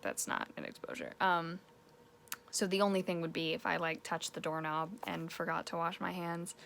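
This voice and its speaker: A woman's voice: lowish voice, creaky, a bit bright, a little hiss or hum. A young woman chatting casually in a daily vlog, rambling from topic to topic and sometimes getting worked up. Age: young adult. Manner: rambling, chatty, rising to exasperated rants. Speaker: vlogger.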